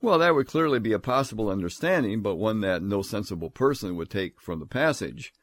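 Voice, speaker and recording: A man giving a scripture lecture, emphatic, reading verses aloud in a measured, solemn tone. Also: on the low side, lively intonation, no room sound. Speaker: Bible teacher.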